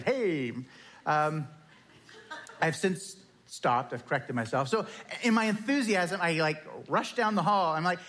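Chatty pastor, man, slightly high voice. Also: animated, normal speed, fairly bright tone. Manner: chatty, self-deprecating, acts out dialogue. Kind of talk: casual storytelling sermon. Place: church.

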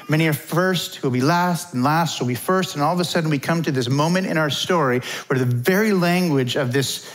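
A middle-aged man preaching a conversational sermon as pastor, informal and chatty. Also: on the high side. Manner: informal, chatty, acts out quotes.

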